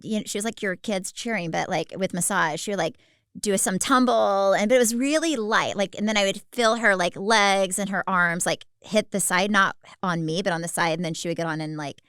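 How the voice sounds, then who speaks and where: A woman's voice: mid-range voice, fairly quick, fairly bright tone, smooth, no room sound, studio quality. A woman co-hosting a podcast, chatting casually, rambling through asides and laughing often. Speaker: podcast co-host. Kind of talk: casual chat.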